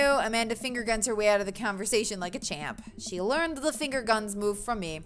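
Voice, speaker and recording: Bright-voiced woman reading a game aloud. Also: mid-range voice, expressive, brisk, hardly any pauses, soft background music. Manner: giggly, self-mocking asides. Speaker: let's-play streamer.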